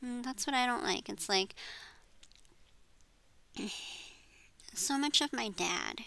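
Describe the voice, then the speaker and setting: A woman's voice: on the high side, lively intonation, slow pace, gravelly, bright, forceful tone, dry recording, rough recording. A woman in her thirties rambling in a personal vlog, frustrated, trailing off and swearing as she vents. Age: 30s. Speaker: vlogger. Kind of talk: rambling personal venting monologue.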